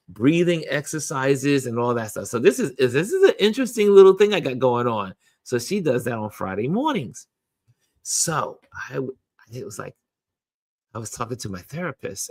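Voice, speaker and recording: A man's voice: medium pitch, no room sound. A man hosting a community game night, casually telling a story and acting out both sides of a conversation. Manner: chatty, with many restarts and repeated "I said".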